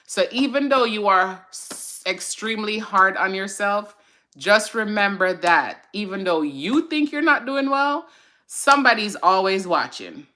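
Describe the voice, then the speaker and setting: A woman's voice: medium pitch, lively intonation, unhurried, bright, forceful tone. A woman hosting a casual live-stream chat on mental health, chatty and encouraging. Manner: chatty and encouraging, with fillers and side remarks to viewers. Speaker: host of a mental health segment.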